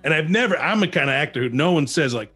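A man, an actor who is a guest on an interview show, chatting casually and telling animated stories with many restarts. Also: fairly high pitch, fast, soft background music.

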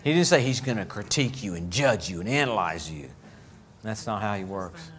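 A man preaching a lively, joking sermon as pastor of a church, acting out little voices as he goes. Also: on the low side, fairly quick. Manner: animated, jokey, acts out voices.

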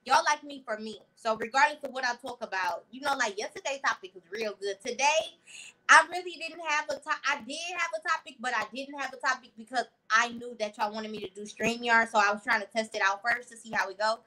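A woman hosting a casual livestream, talking in an effusive, slangy and animated way while answering her viewers' comments. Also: on the high side, fairly quick, poor audio. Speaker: livestream host. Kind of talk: casual live-stream chat with viewers.

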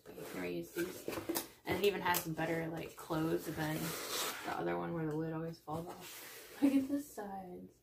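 A chatty woman with a Texan accent gushes her way through an unboxing, her voice carrying a gravelly fry. She slips between bright exclamations and hushed near-whispers, and a steady hiss of noise sits under the recording. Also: on the low side. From Texas. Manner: gushing, chatty, drifting into soft near-whispers. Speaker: unboxing vlogger. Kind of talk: casual unboxing chat. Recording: noisy home recording.

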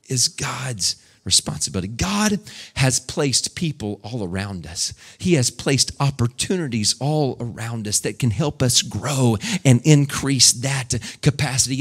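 A pastor preaching a sermon who swings between loud, high shouted lines and hushed, quiet ones, at times mock-praying in a put-on preacher's voice. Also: male voice, slightly rough.

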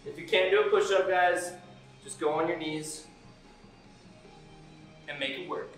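A fitness coach leads a workout on a live stream, explaining exercises and counting reps with upbeat encouragement. His voice is a little high, a bit bright, and slightly slow, heard far from the mic in an echoey room with faint music.

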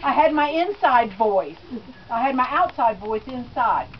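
A middle-aged woman giving a eulogy, telling family stories with gentle laughs. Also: sits high, expressive, unhurried, slight background noise. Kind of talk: personal eulogy speech. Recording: dull lo-fi recording.

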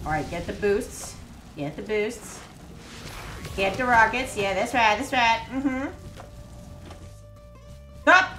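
A giggly woman chatting through a gaming livestream, her high, bright voice leaping up and down as she teases and cheers. She sounds like she is in an echoey room with game music underneath. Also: animated, takes it slowly, pauses often. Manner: giggly, teasing, bursts into laughter. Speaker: co-streamer, host. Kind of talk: casual gaming livestream chat.

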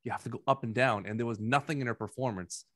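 A man's voice: mid-range voice, fast, fairly bright tone, dry recording, studio quality. A man co-hosting a podcast, giving a blunt, opinionated rant in casual chat. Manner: blunt, opinionated, ranting critic. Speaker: podcast co-host.

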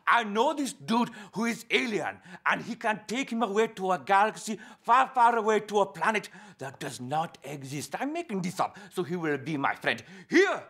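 A man's voice: high voice, fairly bright tone, heavily acted. A man doing a stilted, odd-talking male friend. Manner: stilted broken phrasing.

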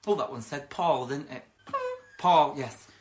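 A man's voice: medium pitch, measured pace, heavy background noise, lightly acted. An actor playing a brash, boastful and crude young man in a comedy sketch, full of cheeky insults. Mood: chatty. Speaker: comic character.

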